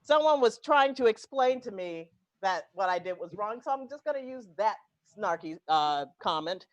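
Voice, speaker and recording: A woman's voice: mid-range voice, lively intonation, normal speed, highs cut off. A woman hosting an online improv show over a video call, bubbly and laughing often. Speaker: improv host.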